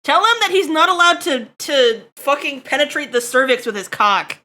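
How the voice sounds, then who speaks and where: A woman's voice: sits high, expressive, moderate pace, bright, forceful tone. A woman livestreaming while she draws, chatting with her viewers in a crude, joking way. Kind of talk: casual stream chat while drawing.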